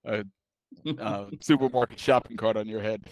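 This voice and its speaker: A man's voice: lowish voice, steady tone, normal speed, no room sound. A man from Philadelphia co-hosting a podcast, with dry, wry humor in casual chat. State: sore hip. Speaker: podcast co-host.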